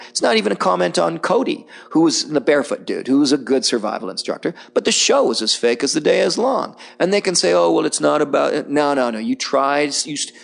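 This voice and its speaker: A middle-aged man speaking as a podcast guest, blunt and animated, telling stories and mocking others in put-on voices. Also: mid-range voice, gravelly. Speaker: podcast guest, survival filmmaker. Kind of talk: candid conversational interview.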